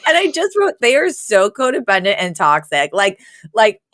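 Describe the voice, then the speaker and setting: A woman's voice: mid-range voice, very animated, normal speed, fairly bright tone, dry recording. Chatty woman podcaster giggling through a recap, dry mic. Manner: giggly, chatty, acts out quoted lines. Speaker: podcast co-host. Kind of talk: casual recap chat.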